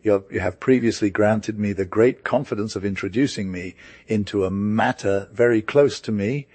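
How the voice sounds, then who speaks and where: Earnest young merchant, read by a man, intense and measured, low dry voice. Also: a little mellow, dry recording. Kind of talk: audiobook character reading.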